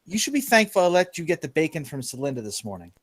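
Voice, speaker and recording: A man's voice: a little high, big pitch swings, quick pace, no echo. A man playing his character in a tabletop game, matter-of-fact. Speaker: player.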